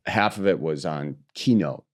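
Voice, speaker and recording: Deep-voiced man hosting a podcast. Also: moderate pace. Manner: relaxed, asks short questions with fillers. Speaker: podcast host. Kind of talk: casual interview chat.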